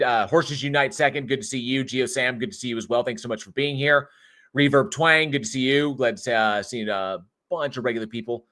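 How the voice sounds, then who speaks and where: A man at an ordinary middle pitch hosts a casual live online talk show. He chats, rambles and jokes with the audience, loose and unscripted. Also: a bit bright. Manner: chatty, jokey, rambling. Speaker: host.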